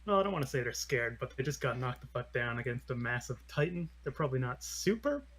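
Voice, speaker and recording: A man's voice: medium pitch, very animated, quick pace, fairly bright tone. Man player, casual rambling table chat. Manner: rambling, laughing, with many ums and restarts.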